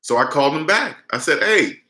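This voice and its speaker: A man lectures bluntly and emphatically on personal finance, speaking straight to his viewers in a casual to-camera style and often restarting his sentences. His mid-range voice is animated and sharp at a moderate pace, and the recording has a roomy echo.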